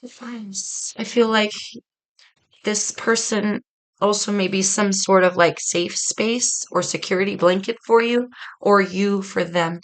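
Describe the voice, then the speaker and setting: A woman's voice: medium pitch, fairly even intonation, measured pace, low-quality recording. A woman reading tarot cards for her viewers in a casual, earnest, reflective way, speaking straight to them. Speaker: tarot reader.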